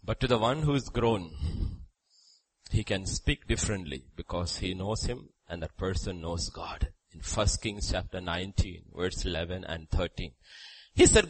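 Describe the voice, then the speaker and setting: A man preaching a sermon, swinging between loud, declaiming lines and hushed, quiet ones. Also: fairly low pitch, very animated, normal speed, husky, rough recording.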